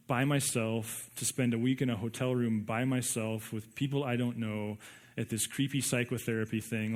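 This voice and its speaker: Male pastor, mid-pitched voice, casual animated sermon delivery, lots of restarts. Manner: animated, conversational preaching with frequent restarts.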